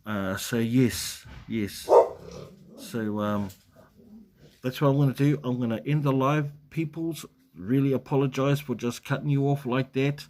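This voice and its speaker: A man's voice: medium pitch, unhurried, background noise. A man from New Zealand with a New Zealand accent, hosting a casual live stream, reading out viewer comments in a rambling way with many fillers and restarts.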